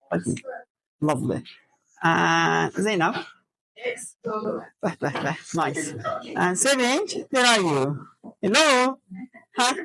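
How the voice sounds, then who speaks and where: A woman's voice: on the high side, fairly bright tone, husky, low-quality recording. A woman teacher trainer running a classroom lesson, drilling students with questions and counting out word stress. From Azerbaijan.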